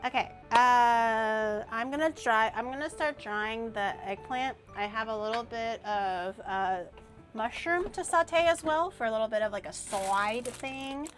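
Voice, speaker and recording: Young woman, streamer, casual cooking chat, rambling, slightly high voice, faint music behind. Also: measured pace. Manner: chatty, rambling, with loud playful outbursts.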